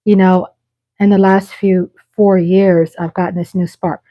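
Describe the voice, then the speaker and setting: Slow, rambling woman chatting on a live stream. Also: medium pitch, little pitch movement, mellow, rough recording. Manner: rambling, unhurried chat with frequent pauses and restarts. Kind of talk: casual live-stream chat.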